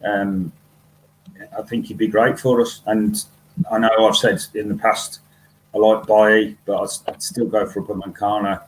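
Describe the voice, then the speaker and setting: A man's voice: lowish voice, level tone, normal speed, a little hiss or hum, poor audio. A man on a fan podcast panel who talks bluntly and wryly, with frequent fillers. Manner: blunt, wry, with many fillers.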